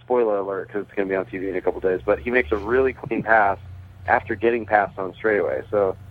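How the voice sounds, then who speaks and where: A somewhat low-voiced man comes through a thin, phone-like line as a radio guest. He talks casually and keeps correcting himself mid-sentence, with a good-humored laugh never far away. He tells long stories with easy enthusiasm. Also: fast. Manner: chatty, self-correcting, laughs while talking. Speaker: guest, pitcher and race team owner. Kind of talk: phone interview, casual storytelling.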